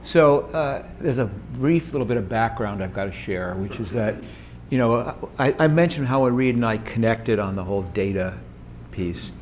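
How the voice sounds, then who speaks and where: A man in his sixties, a company co-founder, telling a story as a guest, lively and animated and often restarting his sentences. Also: fairly low pitch, normal speed, a little hiss or hum. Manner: animated, quotes others in lively voices, frequent restarts. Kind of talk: conversational storytelling on stage. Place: event room with audience.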